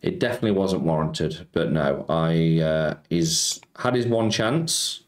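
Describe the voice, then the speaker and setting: His voice is extremely low and unhurried as he hosts a casual slots stream, chatting with the audience. He reads viewers' messages aloud, responds to them, and says "mate" often. There's a roomy echo and background music.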